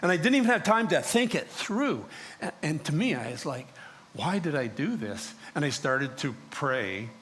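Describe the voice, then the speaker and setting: Male pastor, first-person dramatic sermon storyteller, mid-high voice. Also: animated, moderate pace, a bit bright, a little hiss or hum. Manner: storytelling in character as a biblical prophet, acting out quoted voices. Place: church sanctuary.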